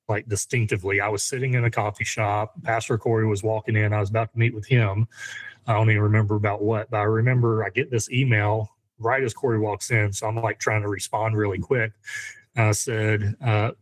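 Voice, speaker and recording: Man, podcast guest, ministry storyteller, fairly low voice, chatty and animated, fillers and laughs, dry close sound. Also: moderate pace, dry recording, rough recording. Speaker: guest, men's ministry leader. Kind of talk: conversational storytelling.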